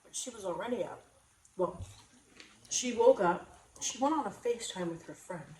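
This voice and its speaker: A middle-aged woman co-hosting a casual livestream, telling a lively story and laughing often. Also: mid-range voice, moderate pace, far from the mic, slight background noise. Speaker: co-host. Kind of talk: casual chat to a livestream audience. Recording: echoey room, a little off-mic.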